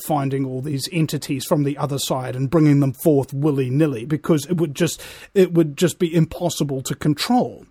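A man's voice: fairly high pitch, dry recording, studio quality. A man talking casually to camera, rambling with many restarts and growing heated. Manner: rambling, restarts often, grows heated and loud. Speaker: screenwriter. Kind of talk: casual monologue.

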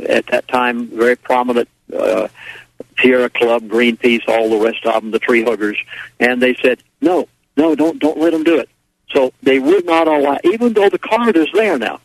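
A man's voice: mid-range voice, dry recording, poor audio. An older man, a radio guest, telling a story in a rambling way, with restarts and quoted lines. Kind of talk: casual phone-in storytelling.

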